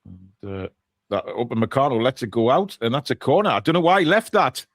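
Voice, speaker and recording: A man's voice: mid-range voice, big pitch swings, fairly quick, no echo, clean studio sound. Chatty man calling a football match live. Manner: chatty play-by-play with jokey asides. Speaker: watchalong co-host. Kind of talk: live match watchalong commentary.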